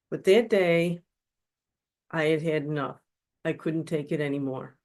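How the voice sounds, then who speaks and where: A woman's voice: deep voice, darkish tone. A woman giving an earnest personal testimony as a guest speaker at a webinar, telling her story in a confessional way. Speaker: guest speaker, spiritual counselor. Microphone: webinar microphone.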